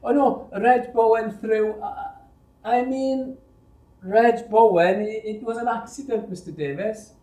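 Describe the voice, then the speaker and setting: A man's voice: sits high, a little slow, warm tone, pitched above the performer's own voice. A frightened young apprentice boy stammers out his excuses in a raised, pleading voice, as a man reads him. The story is read in a roomy space with noticeable echo.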